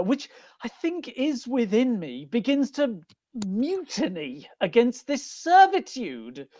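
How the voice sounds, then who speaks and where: An aggrieved young gentleman, read by a woman, speaking old verse in slow, measured phrases. The pitch rises and falls widely as the lines unfold. It comes through a dull, lo-fi video call line. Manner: earnest, declamatory verse speaking. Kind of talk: Shakespeare reading over video call. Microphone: video call mic.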